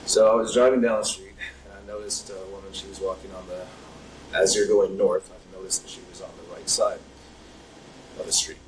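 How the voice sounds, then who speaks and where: A young man with a low voice tells his account in a hesitant, rambling way, full of fillers. He sits some distance from the mic. Faint background noise runs under the recording. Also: flat delivery, fairly quick. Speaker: interview subject. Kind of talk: recounting events in an interview. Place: interrogation room.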